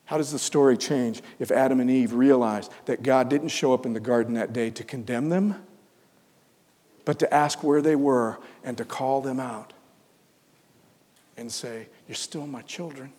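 A man preaching a sermon, swinging from loud, fervent build-ups to hushed, almost whispered lines. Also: mid-range voice, normal speed, long reverb tail. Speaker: pastor.

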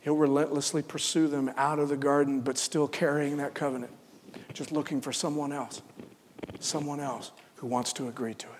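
A man preaching a sermon, swinging from loud, fervent build-ups to hushed, almost whispered lines. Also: on the high side, level tone, moderate pace, big-room sound, a little hiss or hum. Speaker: pastor.

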